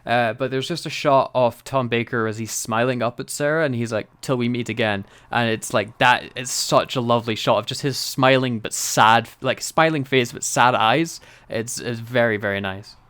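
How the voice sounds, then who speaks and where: A man co-hosting a podcast in casual chat, animated, laughing often and acting out quotes. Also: medium pitch, normal speed, hardly any pauses, clear, resonant tone. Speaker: podcast co-host.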